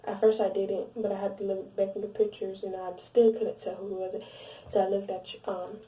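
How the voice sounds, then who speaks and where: A young woman with a mellow, darker voice tells a story straight to camera, blunt and animated, cursing freely and circling back over her own sentences. She sits a little back from the mic, so her voice carries a roomy echo. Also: medium pitch, normal speed, distant mic. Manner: animated and blunt, heavy swearing, frequent restarts and asides. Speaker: vlogger. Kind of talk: casual storytime monologue.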